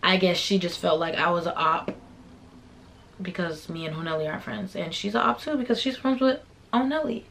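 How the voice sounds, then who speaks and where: Animated young woman telling a story. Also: lowish voice, a little fast, creaky, slight background noise. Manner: animated, slangy storytelling that acts out quoted voices. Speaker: vlogger. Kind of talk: casual storytime.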